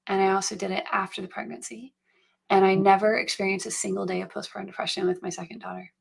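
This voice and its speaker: A middle-aged woman speaks as an interview guest at a middle pitch, neither high nor low for a woman. Her delivery is earnest and reflective, with frequent halting restarts as she gathers her thoughts. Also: level tone, vocal fry, husky. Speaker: guest, founder of a mental health program. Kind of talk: personal storytelling in an interview.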